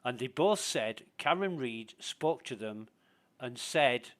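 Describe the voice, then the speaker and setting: A man's voice: mid-range voice, lively intonation, slow, a bit bright. Rambling, foul-mouthed gaming streamer, man. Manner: rambling storyteller, swears freely. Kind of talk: casual voice chat while gaming.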